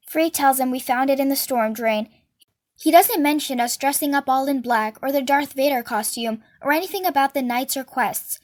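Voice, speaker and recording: A woman's voice: high-pitched, moderate pace. A woman reading a novel aloud and giving each character a voice of her own. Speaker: reader.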